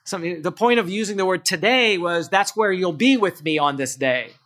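A man preaching a sermon as a pastor, asking the congregation questions and swinging between emphatic lines and quiet low asides. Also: fairly quick.

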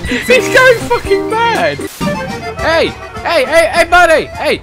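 A young man giving comedic gameplay commentary, excitable, with loud outbursts and swearing. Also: very high voice, takes it slowly, music in the background. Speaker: gaming YouTuber.

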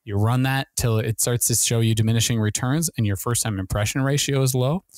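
Fast-talking man on a dry podcast mic. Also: mid-range voice, no echo. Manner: rapid, animated, many restarts and fillers. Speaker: podcast host and ad consultant. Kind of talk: fast podcast talk on marketing.

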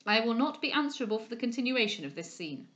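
A woman reading aloud, voicing a firm older male doctor in a brisk manner. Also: a little high, very animated, a bit bright, lo-fi sound.

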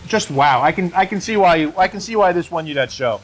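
A man's voice: high-pitched, lively intonation, quick pace, faint music behind. A man hosting an outdoor cooking video at his grill, chatty and enthusiastic, often repeating his words. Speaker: host of a grilling channel. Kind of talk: casual cooking video chat.

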